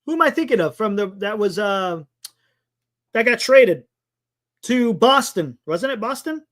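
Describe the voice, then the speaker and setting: A man's voice: high-pitched, expressive, a little slow, fairly bright tone. A man hosting a casual live-stream sports talk show, chatting with viewers in a sarcastic, rambling way.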